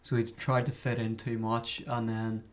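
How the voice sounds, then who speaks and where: A man chatting casually at home, relaxed and hesitant with frequent fillers. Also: medium pitch, moderate pace. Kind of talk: casual chat. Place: a home flat.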